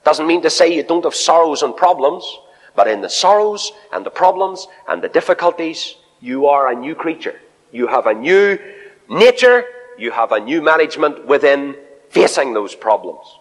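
A man preaching an evangelistic sermon full of personal anecdotes, swinging between loud, high exclamations and low, quiet asides. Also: expressive, moderate pace. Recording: long hall reverb.

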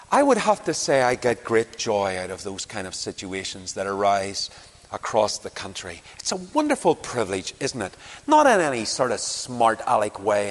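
A man from Northern Ireland with a Northern Irish accent, preaching a sermon and telling stories from his own encounters. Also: mid-range voice. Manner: storytelling with anecdotes, animated swings. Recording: long reverb in a hall.

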